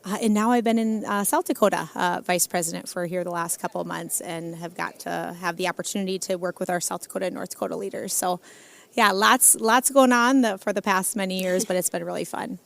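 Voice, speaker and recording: Woman in her forties, lowish gravelly voice, calm and measured interview guest. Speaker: senior care executive. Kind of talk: casual conversational interview.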